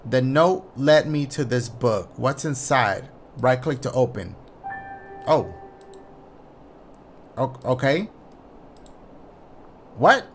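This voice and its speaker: A man giving excitable, profane let's-play commentary on a horror game and talking to his viewers. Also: mid-range voice. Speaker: gaming YouTuber.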